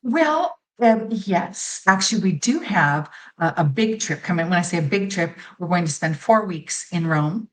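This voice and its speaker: A woman guest in a casual interview, speaking thoughtfully with halting restarts. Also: on the low side, animated, poor audio.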